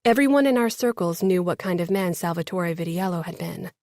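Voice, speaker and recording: A woman's voice: on the low side, lively intonation, brisk, a little mellow, no room sound, studio quality. A woman reading a first-person romance novel as an audiobook narrator, lifting her voice slightly for the characters.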